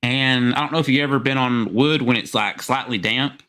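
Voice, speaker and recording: A man's voice: medium pitch, normal speed, sharp tone. A man with a Southern accent hosting a live call-in stream, joking around rowdily and swearing freely. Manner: rowdy, profane and joking. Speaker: livestream call-in show host. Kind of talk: casual live stream chat.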